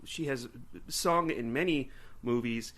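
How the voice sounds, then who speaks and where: A man co-hosting a podcast in casual chat, rambling and animated, often slipping into silly put-on voices. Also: mid-range voice, takes it slowly. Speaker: podcast co-host.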